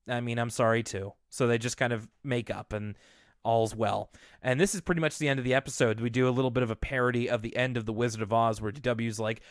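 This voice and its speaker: Young male podcast co-host, mid-pitched and chatty, dry close mic, acts out quotes. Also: steady tone, fast talker, dry recording. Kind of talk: casual podcast chat recapping a cartoon.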